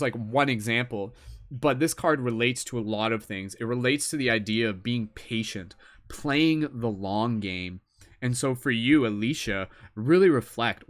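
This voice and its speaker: A man's voice: medium pitch, a bit bright. A man giving a live tarot reading, talking in a reflective, earnest way and often filling with "like" and "you know". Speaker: tarot reader.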